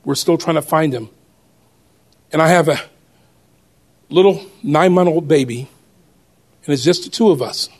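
A man voicing a distressed young mother who works as a bank teller, speaking in a quiet, weary tone close to his own voice. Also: a little high, normal speed, pauses often.

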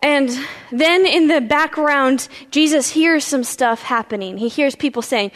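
Lady pastor retelling a bible story, high voice, big echoey hall. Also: measured pace, few pauses. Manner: animated retelling with character voices. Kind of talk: storytelling sermon. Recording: reverberant hall.

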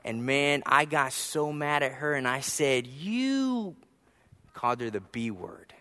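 A man preaching a sermon, telling a personal story, with soft asides and emphatic rises. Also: mid-range voice, fairly even intonation, moderate pace, long reverb tail. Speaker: pastor.

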